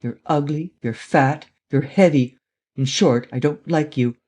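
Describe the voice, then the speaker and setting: A man voicing Lupin, a witty, mocking gentleman thief, in a read-aloud adventure story. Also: a little high, a little slow. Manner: mocking, jaunty.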